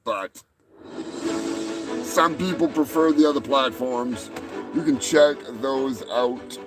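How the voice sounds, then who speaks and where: A man's voice: medium pitch, takes it slowly, music in the background. A man hosting a comedy livestream, talking in a rambling, crude and profane way. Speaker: show host. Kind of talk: casual comedic livestream talk.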